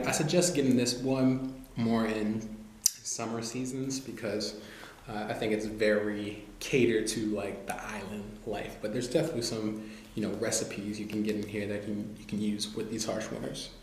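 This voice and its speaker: A man with a fairly low voice chats loosely to his viewers, full of fillers and easy asides. The sound bounces around a very echoey room, with a faint hiss underneath. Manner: relaxed, loose, many fillers like "you know" and "like". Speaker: vlogger reviewing cookbooks. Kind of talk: casual talk to camera.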